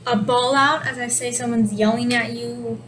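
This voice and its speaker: High-voiced woman teaching a relaxed lesson. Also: moderate pace, rough recording. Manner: explanatory, relaxed, self-correcting. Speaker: sign language teacher. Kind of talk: casual video lesson. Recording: steady background noise.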